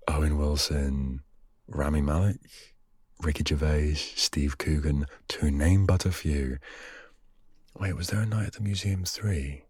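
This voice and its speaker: A young man with a very low, husky voice chats on his own podcast, wandering into self-mocking asides as he reads. The sound is dry and close, with no room around it. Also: a little mellow, no room sound. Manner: rambling, self-mocking asides while reading aloud. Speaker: podcast host. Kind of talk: casual solo podcast chat.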